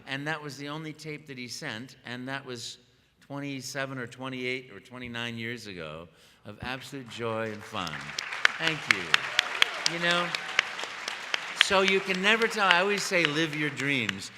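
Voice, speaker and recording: An older man, a voice actor, telling a story on a convention panel in an animated way, acting out voices and often restarting his sentences. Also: medium pitch, measured pace, over a noisy crowd, very noisy. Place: large convention hall. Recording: echoey convention hall.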